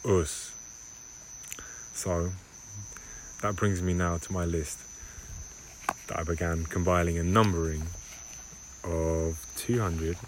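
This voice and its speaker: Deep-voiced man rambling over background hiss. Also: fairly even intonation. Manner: rambling, halting, self-correcting. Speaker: podcast host. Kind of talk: rambling solo podcast monologue. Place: home in Barbados. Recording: home recording with clear background noise.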